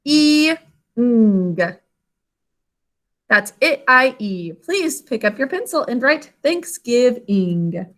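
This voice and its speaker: High, bright woman teaching slowly. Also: sing-song. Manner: slow, carefully enunciated phonics instruction. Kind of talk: online classroom lesson. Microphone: video call.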